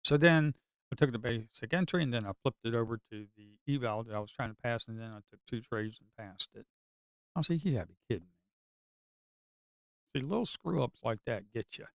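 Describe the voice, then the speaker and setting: A man's voice: medium pitch, fairly quick, vocal fry, dry recording. A middle-aged man giving casual live commentary while trading. He is chatty, repeats himself and adds sarcastic asides. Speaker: day trader streaming live.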